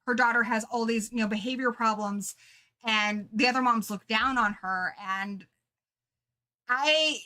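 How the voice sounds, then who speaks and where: Chatty woman gushing about a book, bright tone, kinda high voice. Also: measured pace. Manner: chatty, animated, laughs at herself. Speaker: book club co-host. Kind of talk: casual book chat.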